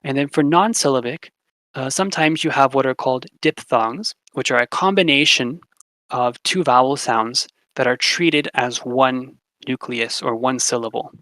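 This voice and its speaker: Bright-voiced young man teaching phonetics. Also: mid-range voice, no room sound, low-quality recording. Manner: relaxed, with fillers and slow repeated example words. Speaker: language teacher. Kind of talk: casual classroom explanation.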